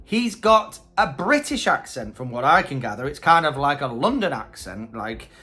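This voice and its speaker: Chatty, lively male reviewer. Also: mid-range voice, normal speed, faint music behind. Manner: chatty, hesitant opinions. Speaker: host. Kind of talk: casual review commentary.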